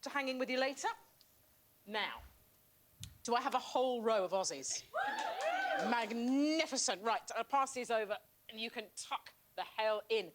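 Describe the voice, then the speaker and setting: A woman's voice: fairly high pitch, animated. A woman co-hosting a chat show, joking and self-mocking with guests and a studio audience. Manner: self-mocking, playful, quick jokes. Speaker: co-host of a daytime chat show. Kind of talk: comic banter and audience chat. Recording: audience and crowd noise behind.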